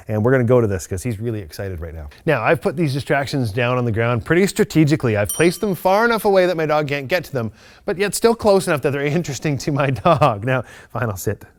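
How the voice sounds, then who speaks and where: A man teaching loose-leash walking to a dog on camera, explaining each step calmly and methodically, with bright bursts of praise. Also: on the high side. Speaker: dog trainer. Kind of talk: instructional video demonstration.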